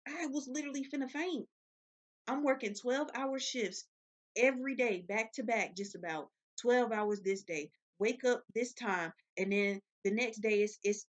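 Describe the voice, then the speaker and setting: A young woman talking straight to her audience in a blunt, profane, animated way. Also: a little high. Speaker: vlogger. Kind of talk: casual rambling monologue. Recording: dull lo-fi sound.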